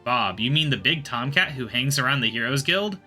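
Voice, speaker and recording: A man's voice: medium pitch, animated, fairly quick, bright, forceful tone, faint music behind, voice pushed up. A man reading aloud as a chatty, fussy older woman who looks after stray cats. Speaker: game character voiced while reading.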